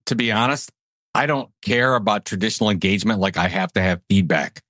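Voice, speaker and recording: A man talking as a podcast guest in casual interview chat, emphatic and animated as he tells stories. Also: lowish voice, fairly quick, dry recording, studio quality.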